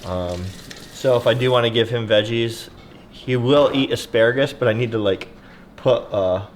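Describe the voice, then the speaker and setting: A man's voice: medium pitch, normal speed. Casual male vlogger, easygoing chat about his dogs, faint background noise. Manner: relaxed, loose with fillers and restarts. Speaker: dog owner vlogger. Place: outdoors in wind, cold winter day. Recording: windy outdoor camera audio.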